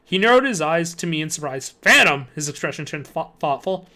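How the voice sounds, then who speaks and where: A man reading a spooky children's book aloud on a live stream, expressive and ready with a joking aside. His voice sits a touch high for a man. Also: a little fast.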